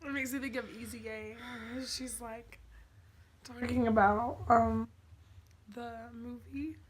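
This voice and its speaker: A woman's voice: on the high side, fairly even intonation, takes it slowly, a crowd in the background. A woman co-hosting a family vlog, chatting playfully in a casual way. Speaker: vlog co-host. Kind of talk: casual chat.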